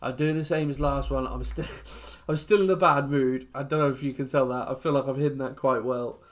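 A young man from England giving rambling, emotional commentary over a football video game, muttering low one moment and shouting the next. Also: level tone, fairly quick. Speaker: gaming YouTuber. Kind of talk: casual gameplay commentary.

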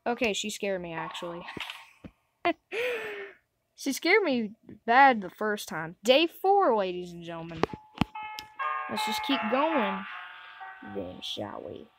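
A woman's voice: medium pitch, wildly swooping pitch, slow pace, pauses often, over music, low-quality recording. A woman giving let's play commentary on a horror game, jumpy, gasping and talking back to the game. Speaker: gamer.

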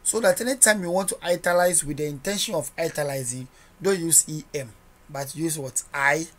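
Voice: mid-range voice, fairly quick. A coding instructor talking through a screen-recorded tutorial, narrating each edit step by step and quizzing listeners with rhetorical "what?" questions.

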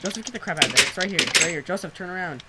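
A teenage boy chatting casually while gaming with a friend, excitable and quick to shout, his throat sore from screaming. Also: high-pitched, very noisy. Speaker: gameplay commentator. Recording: loud keyboard typing and clicks.

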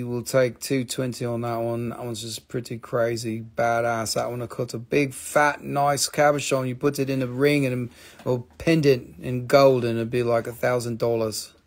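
Gravelly man hawking rocks live. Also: medium pitch, flat delivery, measured pace. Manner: casual, profane, enthusiastic about the rocks. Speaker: shop owner selling stones on a livestream. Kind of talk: live sales stream.

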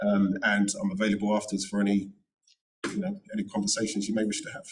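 Earnest low-voiced man, heard from afar. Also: flat delivery, fast talker, far from the mic, very noisy. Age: middle-aged. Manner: earnest, emphatic advice with repeated phrases. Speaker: panel speaker, notary and former solicitor. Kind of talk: panel talk at a careers event. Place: event room.

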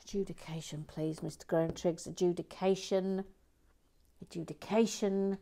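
A woman with a slightly low voice hosts a relaxed building stream in casual chat. She murmurs and half-whispers to herself while she works, then brightens to read out viewers' comments. Her tone is playful and affectionate. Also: unhurried. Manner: soft-spoken, often drops to a murmur or whisper, then perks up; fond and playful, repeats words to herself. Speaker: host building a toy set on a live stream.

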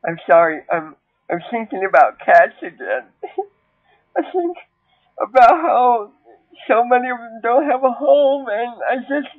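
A man voicing a nervous, cat-obsessed teenage girl puppet who talks haltingly and keeps welling up into tears. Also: very high voice, lively intonation, no echo, exaggerated voice. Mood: tearful gushing. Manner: halting, full of ums, breaks into tearful gushing. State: tearful. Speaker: puppet character. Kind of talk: comedic puppet monologue. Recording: tinny phone-like dry sound.

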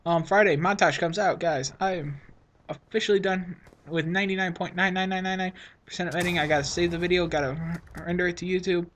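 A man's voice: high-pitched, steady tone, fairly quick, fairly bright tone, slight background noise. A teenage boy giving rambling, self-mocking commentary over his own gameplay, sniffling from a runny nose. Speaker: gaming channel host.

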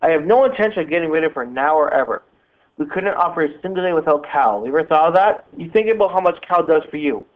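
A man voicing a calm, firm father lecturing his daughter, with a tinny phone-like sound. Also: a little high, lightly acted. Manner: firm, measured.

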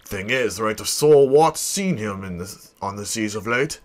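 A man doing a rough pirate deckhand. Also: fairly low pitch, animated, moderate pace, lightly acted. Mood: eager. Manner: rough, slangy sailor talk.

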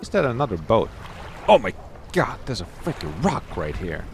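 A man giving loud, excitable gameplay commentary that swears and shouts when something startles him. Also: fairly low pitch, moderate pace, vocal fry, music in the background. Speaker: gameplay streamer.

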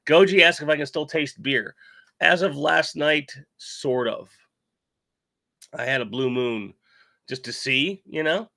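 A middle-aged man, still sick after covid, chats loosely through a toy live stream. His voice is gravelly and bright-edged, and it sits close and dry on the mic. He rambles and pokes fun at himself as he answers chat. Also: on the high side, measured pace, long pauses, no echo. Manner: rambling, self-deprecating, reads chat aloud. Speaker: toy channel host.

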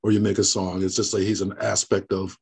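A man from the American South, guest on an interview, telling lively stories and acting out the people in them. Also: low-pitched, a little fast, vocal fry, husky. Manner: animated storyteller, laughs often, acts out quoted dialogue. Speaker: guest, horror host. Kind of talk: casual interview storytelling.

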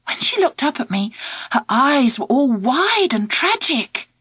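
A woman narrating a children's audiobook in the first person, expressive and animated. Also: high voice, measured pace, slightly rough, no echo. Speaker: audiobook reader.

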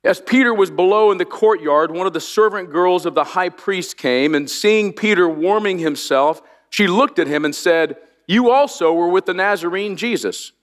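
A man's voice: high-pitched, moderate pace, hardly any pauses, fairly bright tone. A middle-aged man from Indiana, preaching a sermon with storytelling asides, self-deprecating humor and frequent restarts. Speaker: pastor. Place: large church auditorium. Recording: long reverb of a large church.

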